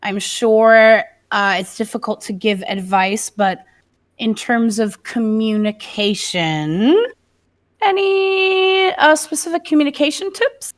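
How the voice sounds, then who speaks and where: A woman's voice: fairly high pitch, fairly even intonation, slow. A woman player chatting casually during a tabletop game, rambling with fillers.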